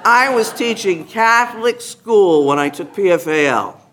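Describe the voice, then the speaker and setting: A man giving a personal testimony to a gathered group, an animated storyteller who acts out other people's lines and laughs often. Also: sits high, a little slow, very noisy. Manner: laughs often while talking. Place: meeting room with a gathered group.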